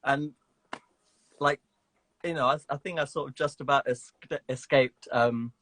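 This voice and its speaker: A man's voice: medium pitch, fairly even intonation, measured pace, fairly bright tone. A man as a guest in a casual interview over a video call, talking in a reflective way with many "you know" and "sort of" fillers.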